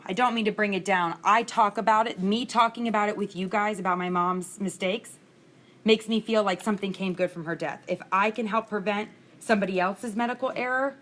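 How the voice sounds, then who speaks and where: An instructor in her thirties gives an informal, candid lecture, laughing as she tells personal stories. Her medium-pitched voice is a bit bright and comes through a screencast recording mic.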